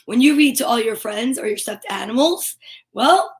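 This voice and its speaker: A middle-aged woman hosts a children's story time live stream, bubbly and animated as she greets viewers and reads out names and comments. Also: fairly high pitch, a little fast.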